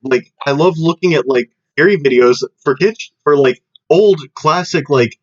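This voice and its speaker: A young man co-hosting a podcast in casual chat, rambling and animated with lots of fillers and restarts. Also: fairly high pitch, moderate pace. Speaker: podcast co-host. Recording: dull lo-fi podcast audio.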